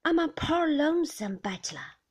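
A woman reading the lines of a teasing, flirtatious man in a story, speaking loudly. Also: high-pitched, very animated, normal speed, pitched above the performer's own voice. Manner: teasing and loud. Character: cheeky, flirtatious man in sports car.

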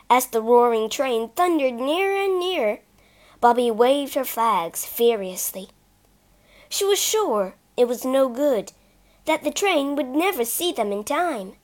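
A woman narrating a children's storybook in a careful, expressive reading. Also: fairly high pitch, a little slow.

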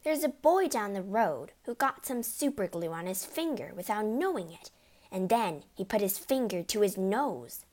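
A woman's voice: mid-range voice, animated, normal speed, a little mellow, lightly acted. A woman voicing a cheeky, clever little girl who speaks with sly innocence in a storybook reading. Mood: innocent.

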